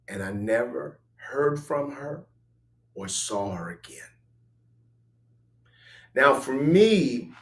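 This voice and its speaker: A man hosting a talk show, telling a personal testimony in an animated storytelling way, switching between loud exclamations and hushed asides. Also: mid-range voice. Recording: roomy echo.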